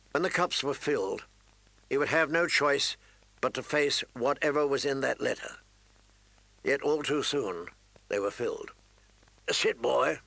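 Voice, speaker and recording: Audiobook narrator, man, measured storytelling, gravelly voice, dry sound. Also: medium pitch, pushed and bright, no echo, low-quality recording. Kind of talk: scripted fantasy narration.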